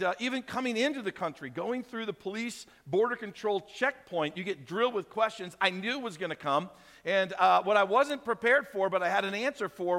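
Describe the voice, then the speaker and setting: A man in his fifties preaches a sermon, his high, bright voice carrying through a large reverberant hall. He tells stories in a lively way and acts out the voices of the people in them. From America. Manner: animated storyteller acting out voices. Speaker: pastor. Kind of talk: sermon storytelling.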